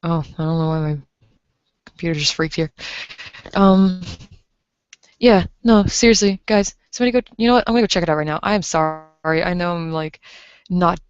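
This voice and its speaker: A woman's voice: on the low side, normal speed, pauses often, clear, resonant tone, no room sound. Rambling young woman, dull lo-fi mic. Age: 20s. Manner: rambling, filler-heavy, reads chat aloud. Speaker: livestreamer. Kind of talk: casual stream chat.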